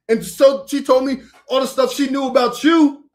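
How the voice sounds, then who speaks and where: A man's voice: very high voice, fairly even intonation, unhurried. A man talking in an informal vernacular, ranting confrontationally on a livestream and calling out a rival directly, repeating himself. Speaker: online preacher. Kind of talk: heated livestream rant.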